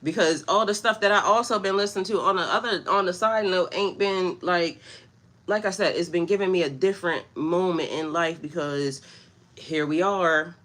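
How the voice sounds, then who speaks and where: Bright-voiced woman, chatty spiritual coach. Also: lowish voice, moderate pace, slight background noise. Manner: laughs often, greets viewers by name; loose, chatty storytelling. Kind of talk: casual livestream chat with viewers.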